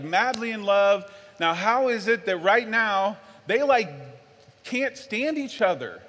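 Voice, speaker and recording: A man with a fairly high voice delivers a sermon, moving from low and earnest to loud and worked-up. His words ring out with a long hall reverb behind them. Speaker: pastor.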